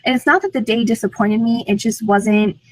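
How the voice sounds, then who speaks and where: Brisk and fairly high-pitched, a teen alumna of the program enthusiastically recounts what she went through in an interview, leaning heavily on "like" as filler. The recording is low quality, without any room sound.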